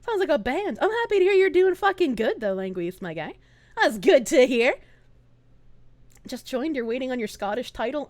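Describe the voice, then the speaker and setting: Woman streamer, high dry voice, live rant, profane, heated, laughs a lot. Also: big pitch swings, normal speed, darkish tone, no echo.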